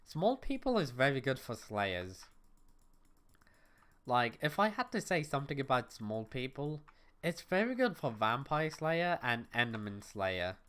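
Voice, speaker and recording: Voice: mid-range voice, very animated, unhurried, a bit bright. A young adult livestreamer at home, chatting casually with viewers and thinking aloud while playing. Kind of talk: casual gaming stream chat. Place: at home, neighbors next door.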